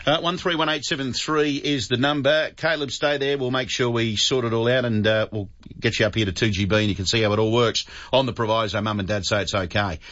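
A man's voice: medium pitch, steady tone, brisk, a bit bright, muffled recording. An Australian man hosting talkback radio, chatty and friendly, calling callers mate. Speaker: radio host.

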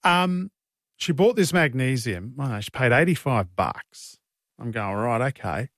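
A man's voice: mid-range voice, very animated, measured pace, fairly bright tone, no echo. An Australian man hosting a talkback radio show in a studio, chatty, joking and blunt. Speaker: radio host. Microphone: studio mic.

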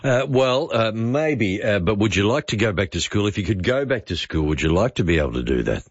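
A man's voice: on the low side, lively intonation, brisk, slightly rough, no room sound, lo-fi sound. A man hosting talkback radio, chatting bluntly with callers and co-hosts. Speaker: radio host.

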